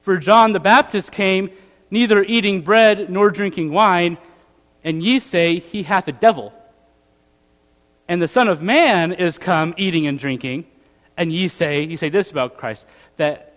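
High-voiced male preacher in a reverberant hall. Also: measured pace, fairly bright tone. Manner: conversational preaching with rhetorical tag questions; reads scripture aloud in old-fashioned wording. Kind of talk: sermon.

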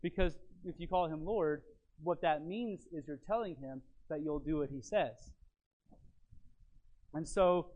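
This is a man preaching a sermon in a slightly high voice. He teaches from his notes with earnest emphasis. Some phrases land loud and others drop to a near-murmur. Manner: earnest and emphatic, swings from loud stresses to quiet lines; teacherly, walks through notes and fill-in blanks.

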